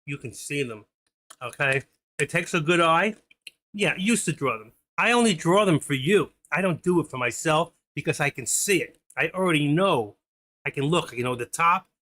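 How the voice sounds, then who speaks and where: Middle-aged guy running a trading livestream, kinda high bright voice, chatty, keeps calling out viewers. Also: expressive, normal speed. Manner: chatty, talks to chat viewers by name. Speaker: stock trading livestream host. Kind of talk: casual live-stream chat while trading.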